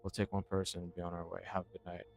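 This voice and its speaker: A man voicing a male government agent who speaks quickly in a flat, officious way. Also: sits low, creaky, faint music behind. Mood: official.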